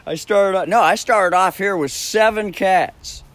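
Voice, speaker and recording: At his own home by a backyard shed, a man with a high, slightly bright voice tells a rambling story at an unhurried pace. He laughs often between phrases, swears freely and restarts his sentences frequently, with no echo on the recording.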